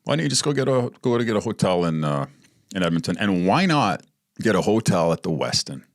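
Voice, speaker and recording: Man, very deep voice, podcast host, candid storytelling, profane, rambling, dry sound. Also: sing-song, a little fast, dry recording. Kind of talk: storytelling monologue.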